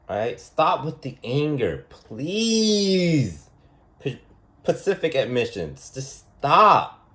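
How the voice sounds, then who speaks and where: Slow-talking man with a lively, rambling delivery. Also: medium pitch. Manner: rambling, repetitive, emphatic, with many restarts and rhetorical questions. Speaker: vlogger giving a self-styled lesson. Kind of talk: casual unscripted monologue.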